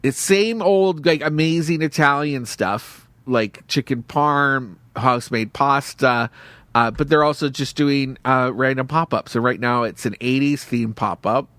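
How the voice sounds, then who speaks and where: A man's voice: mid-range voice, a little slow, a bit bright, no echo. Dry, enthusiastic man chatting. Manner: enthusiastic, rambling storyteller. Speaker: podcast co-host. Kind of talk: casual chat.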